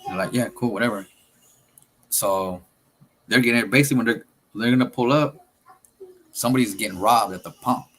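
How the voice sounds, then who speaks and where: A man's voice: mid-range voice, moderate pace, pauses often, fairly bright tone, breathy edge. A man telling a story casually, in loose, streetwise talk that swears and acts out what people said.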